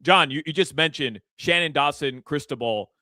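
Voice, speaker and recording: A man's voice: fairly high pitch, moderate pace, sharp tone, dry recording. A man co-hosting sports radio, hyped and emphatic.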